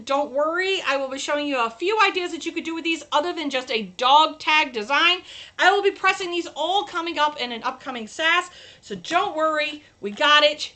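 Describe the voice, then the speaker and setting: A woman's voice: high voice, bright, forceful tone. A woman hosting a casual crafting livestream, chatting to viewers while she demonstrates her projects. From New York State.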